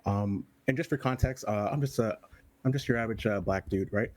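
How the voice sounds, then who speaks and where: A man's voice: lowish voice, fairly quick, a little mellow, no room sound. A man calling into a podcast, speaking casually and hesitantly, often ending thoughts with "right?". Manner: hesitant, many "uh" and "right?" tags. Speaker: caller. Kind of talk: casual call-in chat.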